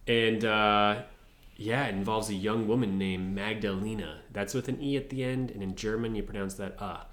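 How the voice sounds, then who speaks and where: A man's voice: on the low side, steady tone, moderate pace, fairly bright tone, roomy sound. A man co-hosting a podcast, reading a story from his notes and tossing in joking asides. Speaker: podcast co-host. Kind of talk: casual podcast chat.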